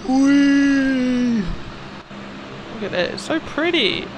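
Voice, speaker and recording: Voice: mid-range voice, expressive, moderate pace, gravelly, background noise. Laughing, swearing streamer chatting casually. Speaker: live streamer. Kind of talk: casual gaming stream chat.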